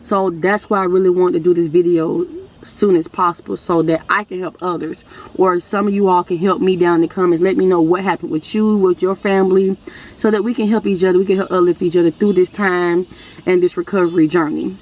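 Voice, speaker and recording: A woman's voice: lowish voice, steady tone, brisk, darkish tone, highs cut off. A woman vlogger giving a casual update to her viewers. She rambles earnestly with restarts, calls them y'all, and speaks with religious conviction.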